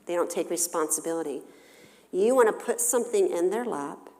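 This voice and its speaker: A woman's voice: lowish voice, lively intonation, a little fast, dark tone, long reverb tail. A woman counselor giving a parenting talk in a church, engaging her listeners with questions. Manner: engaging, poses questions to the audience. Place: church hall.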